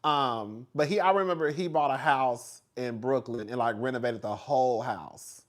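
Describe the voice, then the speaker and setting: A man's voice: mid-range voice, normal speed. A man hosting a casual chat with viewers in a gossipy, chatty way, calling everyone "girl" and laughing often. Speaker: host.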